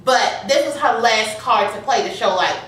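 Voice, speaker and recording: A woman with a fairly high, very lively voice gives blunt, profane takes on a TV drama. She sits well back from the mic in a strongly echoing room. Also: normal speed. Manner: opinionated, profane commentary. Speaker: recap co-host. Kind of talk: casual TV recap chat. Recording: echoey room, mic far off.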